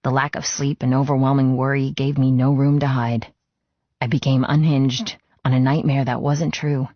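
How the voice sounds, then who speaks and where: A woman's voice: very deep voice, little pitch movement, moderate pace, dry recording. A woman narrating a first-person romance audiobook in an emotional, intimate reading from a close mic. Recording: slightly dull, muffled sound.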